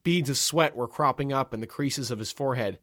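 Wry deadpan male storyteller. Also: mid-range voice, a little fast, no room sound, clean studio sound. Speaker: narrator. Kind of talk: first-person comic story narration.

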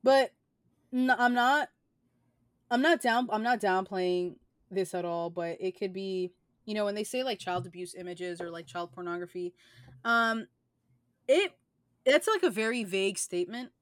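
A woman's voice: mid-range voice, normal speed, dry recording. Rambling young woman podcaster, dry sound. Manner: rambling, lots of filler words. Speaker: podcast co-host. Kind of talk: casual chat.

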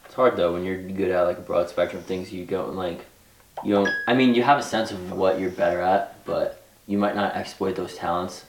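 A young man in a casual chat with friends, quick and wisecracking. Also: low voice, steady tone, slight background noise. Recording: roomy sound from a distant mic.

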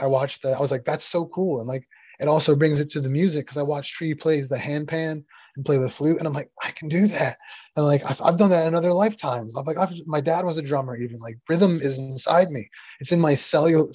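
A man guest telling a personal story in a halting way, full of fillers and restarts, close to tears. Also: on the high side, a little mellow, husky, no echo, dull audio. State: near tears. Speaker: interview guest, sound healer. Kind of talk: emotional personal story in casual conversation.

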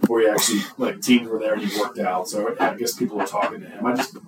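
A fairly low-pitched man chats casually as a podcast co-host, rambling and restarting as he talks. He gets animated now and then. A crowd murmurs clearly in the background. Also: fast. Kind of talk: casual sports podcast chat.

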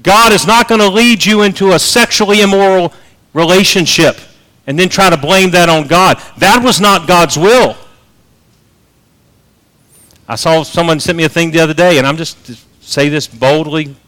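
A man preaches a sermon in a fairly high voice. He swings between loud, emphatic peaks and quiet, low asides. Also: moderate pace.

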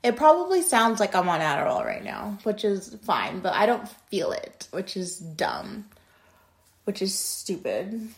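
A young adult woman on her podcast spins a wandering, profane, no-nonsense story, swinging from forceful outbursts to quiet muttering. Her voice is mid-range with big pitch swings, and she speaks a little slowly.

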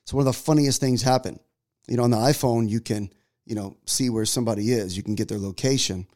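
A man's voice: mid-range voice, fast, darkish tone. A man in his forties, a pastor telling a story in a sermon, chatty and full of restarts. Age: 40s.

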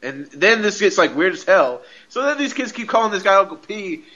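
Bright-voiced man recapping a show, lo-fi. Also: high-pitched, very animated, brisk. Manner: rambling, heavy on filler "like", laughs often. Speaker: podcast co-host. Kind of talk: casual recap of a TV episode. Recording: dull lo-fi audio.

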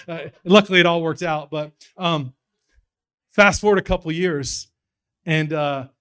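A man's voice: a little high, unhurried, pauses often, clear, resonant tone. Folksy preacher man. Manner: folksy storytelling, builds to excited emphasis. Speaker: pastor. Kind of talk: sermon.

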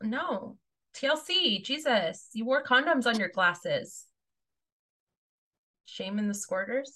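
A woman's voice: fairly high pitch, expressive, slow, pushed and bright. A woman co-hosting a podcast in casual chat, teasing and joking crudely. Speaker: podcast co-host.

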